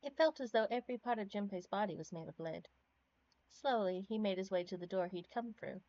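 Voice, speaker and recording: A woman's voice: mid-range voice, fairly quick, warm tone, dry recording. Woman reading narration, dry dull audio. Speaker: streamer reading game text.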